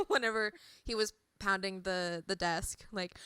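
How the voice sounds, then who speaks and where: A woman's voice: medium pitch, very animated, takes it slowly, bright, forceful tone, clean tone, no room sound. A young woman co-hosting a fan podcast in casual chat, giggly and hesitant, with many "uh" and "um" fillers. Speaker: podcast co-host.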